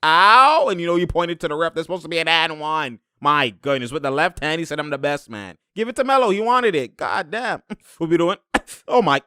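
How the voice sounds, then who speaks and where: A young man reacts to basketball footage in loose, slang-heavy commentary, laughing a lot and jumping into squeaky impressions of players. His voice sits a little high and sounds bright and clean. The recording is close and dry. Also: expressive, brisk, clean tone, no room sound.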